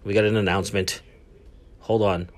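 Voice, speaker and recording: A man with a lowish, fairly flat voice speaks at a moderate pace. He's hosting a casual solo podcast from his cabin on a cruise ship, rambling, swearing, and making fun of himself.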